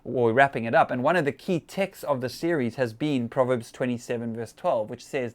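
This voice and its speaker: A man's voice: mid-range voice, fairly quick, few pauses. Chatty man giving a church talk. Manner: conversational, chatty with laughs and fillers.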